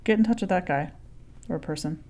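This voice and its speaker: Soft-spoken woman in relaxed chat. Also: lowish voice, a little fast. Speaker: podcast co-host. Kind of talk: casual chat.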